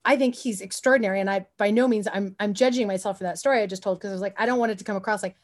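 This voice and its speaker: A woman guest on an interview podcast, telling stories in an animated, rambling way with many asides and restarts. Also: mid-range voice, rapid-fire. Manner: often says "you know what I mean". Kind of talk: casual interview storytelling.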